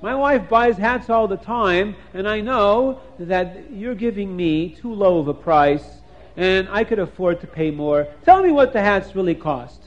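A rambling, excitable poet who chatters on eagerly, as a man puts him on. His voice sits high for a man. It comes through a dull, lo-fi recording. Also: measured pace. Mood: insistent. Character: cheerful talkative poet man, husband.

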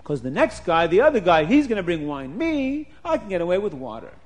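A man's voice: sits high, sing-song, fairly quick. A man storytelling for children voices a stingy townsman who wheedles and schemes to get away with a cheat. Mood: smug. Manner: conspiratorial, wheedling.

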